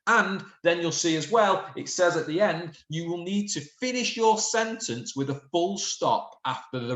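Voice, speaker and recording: A man's voice: mid-range voice, fairly bright tone, echoey room. A man teaching a recorded lesson, patiently explaining and reading out example sentences with changing emphasis. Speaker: primary school teacher.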